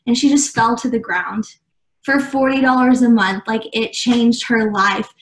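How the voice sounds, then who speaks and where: A woman's voice: a little high, unhurried. A young woman guest in a casual interview, telling a story earnestly, with many fillers, acting out what others said. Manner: earnest, many "like" fillers, acts out quoted dialogue. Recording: echoey room.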